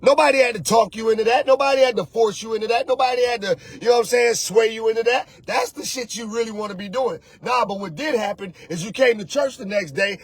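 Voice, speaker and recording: A man hosting a casual motivational talk as a spiritual coach, animated and preachy, slangy and often shouting. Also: sits high, slightly rough.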